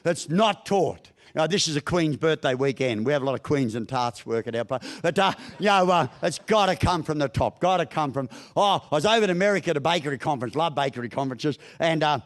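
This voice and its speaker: A middle-aged man with an Australian accent gives a humorous business talk, spinning folksy yarns with blunt mild swearing. His voice sits fairly high for a man. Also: animated, quick pace, hardly any pauses. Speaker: business speaker. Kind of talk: humorous keynote speech.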